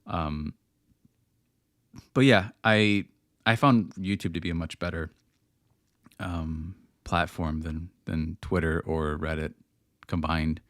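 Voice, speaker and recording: Speaking slowly with long pauses, a man with a deep, fairly bright voice and fairly even intonation hosts a casual livestream Q&A, working through chat questions. He rambles, drifts into rants, and restarts often, and the studio audio is clean with no room sound.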